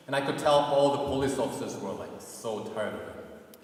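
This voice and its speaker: A man's voice: medium pitch, normal speed, far from the mic. Young man telling a story in an echoey hall. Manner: casual, conversational, many "like" fillers. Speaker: performance artist. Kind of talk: live storytelling performance. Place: gallery performance space.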